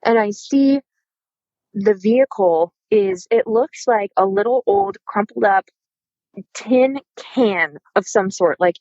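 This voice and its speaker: In a mid-range voice, this podcast guest in her thirties animatedly recounts a dramatic personal story, performing the quoted dialogue of each person in it. The audio has no room sound and its highs are cut off.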